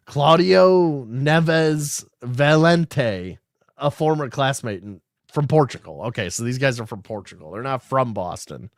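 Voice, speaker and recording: A man's voice: medium pitch, lively intonation, fairly quick, few pauses, dry recording, studio quality. A man hosting a casual podcast, reading news aloud and riffing on it in a rambling, sarcastic way with frequent swearing. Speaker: podcast host.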